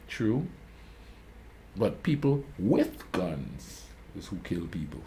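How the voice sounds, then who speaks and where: Male reaction host, low mellow tone, laid-back rambling storyteller. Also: sing-song, measured pace, slight background noise. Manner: rambling anecdotes, frequent "you know what I mean"; calls himself a quiet talker. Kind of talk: casual storytelling commentary.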